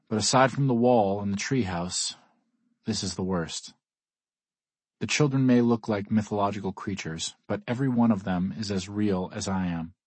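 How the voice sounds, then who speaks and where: A man with a low, husky voice narrates a first-person audiobook in a measured, grave way. The recording is dry and close, with no room sound at all. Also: dry recording.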